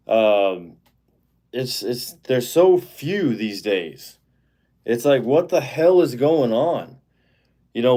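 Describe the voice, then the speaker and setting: A man's voice: mid-range voice, a little mellow. A man hosting a livestream, talking in a rambling, casual way with lots of fillers and restarts, and getting heated and indignant. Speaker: live-stream host.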